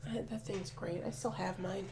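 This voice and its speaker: A woman's voice: mid-range voice, steady tone, moderate pace, gravelly, very noisy. A woman in casual chat beside a game stream, talking emphatically and laughing as she insists on her point.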